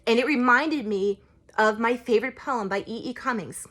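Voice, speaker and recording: A woman who practices witchcraft, talking in a casual, rambling vlog style, full of "like" and "you know" and quick to get emotional. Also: fairly high pitch, fairly bright tone. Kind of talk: casual spiritual vlog talk.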